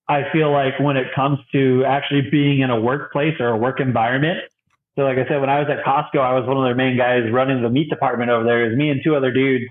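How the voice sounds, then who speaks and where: A young man, a bi-vocational youth pastor, chatting casually as a podcast guest and acting out the voices in his stories. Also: medium pitch. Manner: animated storyteller, acts out quoted voices, laughs often. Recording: tinny phone-like line.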